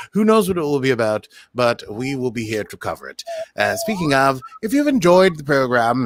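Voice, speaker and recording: A man's voice: fairly high pitch, noisy background. A man co-hosting a podcast in casual chat, rambling with many fillers and restarts. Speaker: podcast co-host.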